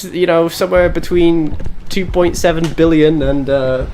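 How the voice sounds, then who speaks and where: A man's voice: on the high side, steady tone, measured pace, darkish tone, slight background noise. A man streaming a game live, chatting with his viewers in a sarcastic, self-mocking, joking way. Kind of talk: live gaming stream chat.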